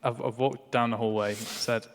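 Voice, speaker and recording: A man roleplaying a police detective in a game, talking hesitantly with halting restarts. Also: medium pitch, steady tone, long reverb tail, background noise. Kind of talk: in-character roleplay game talk.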